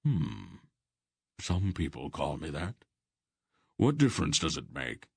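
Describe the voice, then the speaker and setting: A man voicing a wise, dry-humored old sorcerer in an audiobook, speaking calmly and firmly. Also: a bass voice, gravelly, breathy edge, no echo, full character voice. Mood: patient, lecturing. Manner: calm, measured, gently firm. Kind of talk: audiobook character voice.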